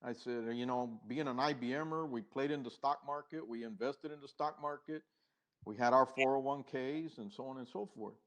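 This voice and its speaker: A man's voice: mid-range voice, fairly bright tone. Reflective middle-aged man telling his story. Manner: unhurried and reflective, with hesitations and restarts; acts out past dialogue. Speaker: podcast guest. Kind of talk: conversational storytelling.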